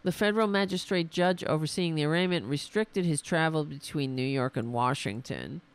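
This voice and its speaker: A woman's voice: low voice, moderate pace, clean tone. A woman hosting a political commentary stream, losing her voice, talking back to clips in a mocking, exasperated way. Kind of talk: sarcastic livestream commentary.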